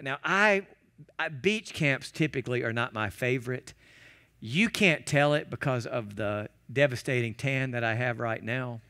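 A man preaching a sermon as a guest pastor, animated and acting out quoted prayers and shouts. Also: medium pitch, a little slow. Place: church.

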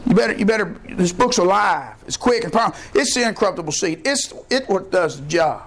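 A man preaching a sermon as pastor of a church, impassioned and folksy, rising to shouts. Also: high-pitched, lively intonation, a little fast, a little hiss or hum.

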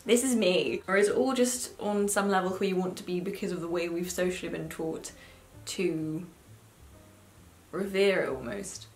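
A woman's voice: fairly low pitch, moderate pace. A young woman in her twenties chatting casually as a book vlogger, swearing freely and filling her talk with "like". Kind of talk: casual chat. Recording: echoey room with faint music.

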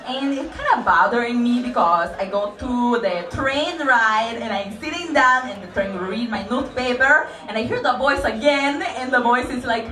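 A woman's voice: a little high, moderate pace, hardly any pauses. A woman performing a giddy, scattered character on stage in a comedy club, giggling and rambling with fillers. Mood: giggly. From New York City. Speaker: stand-up comic. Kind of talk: character stand-up. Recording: echoey club from far off with loud crowd.

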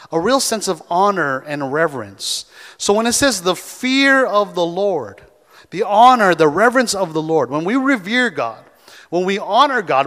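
A male pastor preaches in a church with a fairly high, animated voice and draws the congregation into call and response. A long reverb from the sanctuary trails every phrase. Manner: animated, calls for audience response. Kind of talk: sermon.

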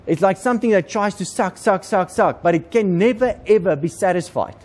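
High-voiced man preaching. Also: a little fast, darkish tone. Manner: conversational, repeats words, asks the congregation questions. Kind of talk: sermon.

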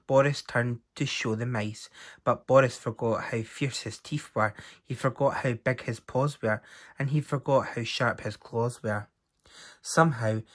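A man reading a picture book aloud to children in an expressive storytelling voice. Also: medium pitch.

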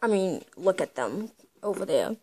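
A woman's voice: lowish voice, very animated, moderate pace, warm tone, slightly rough. A woman acting out a fan-made cartoon voice drama and talking in a sighing, dramatic way. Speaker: fan voice actor.

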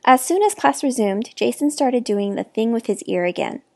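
A woman reading a children's novel aloud with expressive, clear narration. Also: fairly high pitch, normal speed, no room sound. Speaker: reader. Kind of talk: storybook read-aloud.

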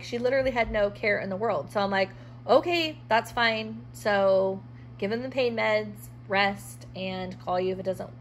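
A woman's voice: mid-range voice, slight background noise, rough recording. A woman telling a casual storytime vlog about her dog, frustrated, acting out both sides of past conversations.

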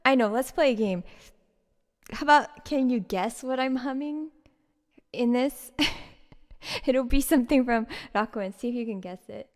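A woman's voice: on the high side, a little slow, pauses often. A woman streamer chatting casually on a live music stream, laughing a lot and thanking viewers by name. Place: home streaming setup. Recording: long reverb with piano behind.

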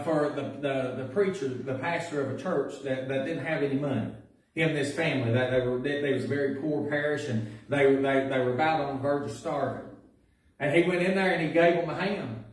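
A man preaching a sermon as pastor, telling folksy stories that build to loud preaching. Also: fairly high pitch. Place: church sanctuary. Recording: echoey church recording from a distance.

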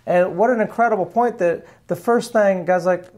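A man's voice: high voice, moderate pace, darkish tone. A man, a pastor hosting a casual morning Bible study chat, joking and often laughing at his own stories. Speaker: pastor and show host.

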